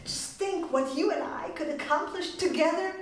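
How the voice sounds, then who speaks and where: Lady doing a clingy lovesick schemer, high voice, echoey room from far off. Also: moderate pace. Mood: gushing. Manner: gushing, pleading. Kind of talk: staged reading of a musical.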